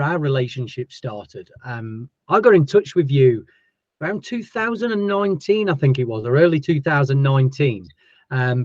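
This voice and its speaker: A man's voice: fairly high pitch, dry recording, muffled recording. A man with a Yorkshire accent hosting a casual interview podcast, chatty and jokey with his guests. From Yorkshire, England. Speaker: podcast host.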